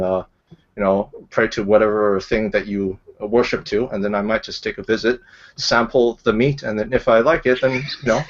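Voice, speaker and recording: A man streaming and chatting casually, telling stories in a rambling, deadpan way with lots of fillers. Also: fairly low pitch, muffled recording. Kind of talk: casual live-stream chat.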